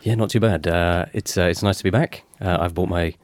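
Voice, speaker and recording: Man, radio co-host, very low voice, getting over a cold, quick, dry studio. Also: steady tone, no room sound. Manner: easygoing, rambling with hesitations. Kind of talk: casual radio chat.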